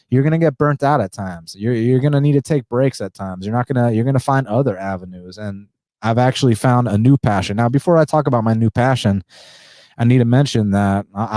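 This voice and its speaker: Breathless man talking low and warm. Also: dry recording, studio quality. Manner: subdued indoor voice, blunt and profane. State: short of breath, pausing for deep breaths. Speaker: podcast host. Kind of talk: casual podcast monologue.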